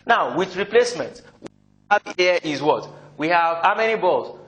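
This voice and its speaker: In an echoey classroom, his voice a bit distant, a math teacher lectures on probability, repeatedly asking "what?" and supplying the answers himself. His voice is high, expressive and fairly bright, at normal speed, with soft music in the background.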